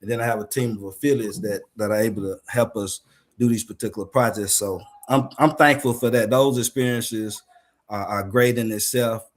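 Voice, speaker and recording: A man speaking as a guest on an educators' panel, talking in a measured, reflective way with frequent pauses and fillers. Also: on the low side, fairly even intonation. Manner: measured, grateful, many "uh" pauses.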